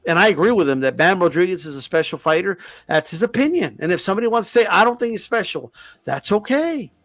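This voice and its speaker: A man's voice: high voice, no room sound. A man hosting a boxing channel, ranting to the camera with heavy swearing and lots of repetition. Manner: profane, heated, repeats himself.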